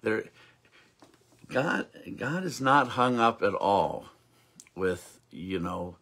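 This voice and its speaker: A man's voice: fairly low pitch, expressive, very slow, a bit bright, slightly rough. A man, a minister, dramatically telling a story and preaching with rambling asides.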